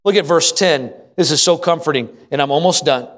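A man's voice: a little high, brisk. A middle-aged man preaching a sermon as pastor, telling folksy family stories and asking the congregation questions. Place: church sanctuary. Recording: long hall reverb.

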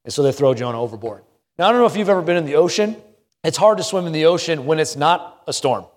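A man's voice: fairly high pitch, lively intonation, fast, in a large hall. A middle-aged man preaching a sermon, telling a story dramatically and building repeated refrains. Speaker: pastor. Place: church sanctuary.

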